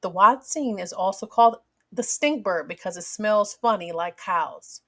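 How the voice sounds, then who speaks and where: A woman teaching a children's phonics lesson, speaking slowly and splitting words clearly into syllables. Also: medium pitch. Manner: slow, clearly segmented words for kids.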